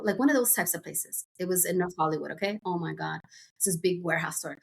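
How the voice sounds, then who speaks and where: Husky-voiced woman telling rambling stories. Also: on the low side, fast. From United States. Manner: rambling storyteller with many fillers and asides. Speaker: guest. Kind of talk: casual chat.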